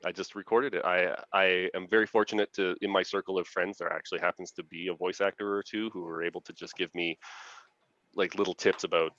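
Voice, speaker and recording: Low-voiced man, lo-fi dry call. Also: little pitch movement, fairly bright tone. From Canada. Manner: earnest, enthusiastic, quick to laugh. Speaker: author guest. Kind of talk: casual interview chat. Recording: dull lo-fi dry sound.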